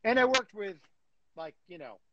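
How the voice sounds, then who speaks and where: A man chatting as a guest in an interview, animated and full of fillers and restarts. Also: sits high, moderate pace, muffled recording. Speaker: guest, comic book writer. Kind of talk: casual interview chat.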